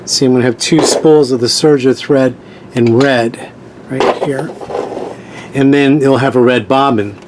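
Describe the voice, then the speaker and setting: Guy walking you through a sewing project real slow, repeats stuff, bit of room noise. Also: medium pitch. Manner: patient, repeats key points, plain instructions. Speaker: sewing tutorial host. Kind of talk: step-by-step craft tutorial.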